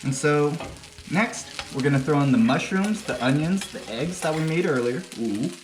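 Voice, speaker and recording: A man with a fairly high, animated voice hosts a casual cooking demonstration at home, speaking at a moderate pace. He's crude and rambling, full of jokes, and the echoey kitchen has faint music plus a noisy background.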